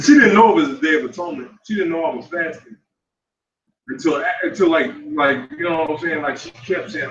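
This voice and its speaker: A man's voice: fairly high pitch, brisk, fairly bright tone. A man preaching in a loose, slangy and profane way, telling a personal story and laughing between points. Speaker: street preacher. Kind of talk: casual street sermon. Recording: dull, roomy, from far off.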